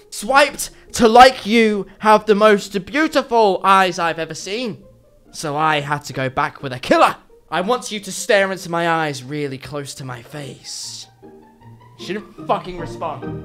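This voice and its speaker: A man's voice: high-pitched, expressive, slow, a bit bright, faint music behind. A young man from England with an English accent, giving sarcastic, profane comedic vlog commentary. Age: young adult. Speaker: YouTuber.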